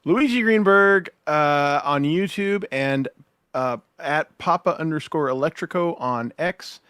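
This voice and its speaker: A man guest-hosting a casual livestream chat, reading out viewer donations, laughing often, swearing and filling pauses with "uh". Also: on the high side, a bit bright, clean tone, no echo, studio quality.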